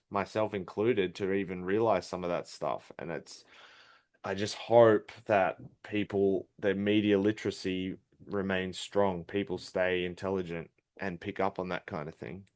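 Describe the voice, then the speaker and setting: A young Australian man with a fairly low voice chats as a guest on a podcast. He rambles in a friendly, easygoing way, often laughing and searching for words. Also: steady tone, moderate pace. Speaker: guest, film critic. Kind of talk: casual podcast interview.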